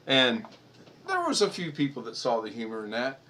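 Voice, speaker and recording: A man's voice: mid-range voice, very animated, moderate pace, bright, forceful tone, slight background noise. An American man hosting a casual live stream chat, rambling and joking and laughing at his own stories. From United States.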